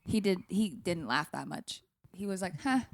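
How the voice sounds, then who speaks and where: A woman co-hosting a podcast in casual chat, animated and quick to laugh while she tells stories. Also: fairly low pitch, creaky, no echo. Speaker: podcast co-host.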